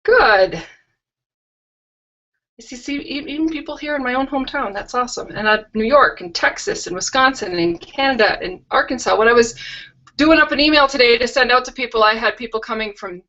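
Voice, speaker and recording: A chatty middle-aged woman hosts a live craft stream from home, drifting into rambling asides. Her voice sits a little high and sounds crisp and bright, though the webcam call audio comes through dull and lo-fi. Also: fast talker. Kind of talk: casual live-stream chat and product tour. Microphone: video call webcam.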